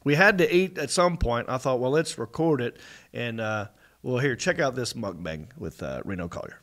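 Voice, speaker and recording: A man's voice: mid-range voice, animated, normal speed, a bit bright. A man from the South, hosting a casual, joking podcast chat. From American South. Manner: joking, laughs often. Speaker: podcast host.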